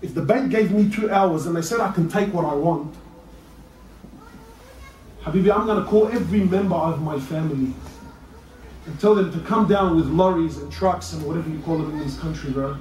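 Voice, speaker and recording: A man preaching a sermon in an animated way, with shouted peaks and playful asides. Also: on the high side, a little fast, long pauses. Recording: roomy echo, voice from a distance, faint noise.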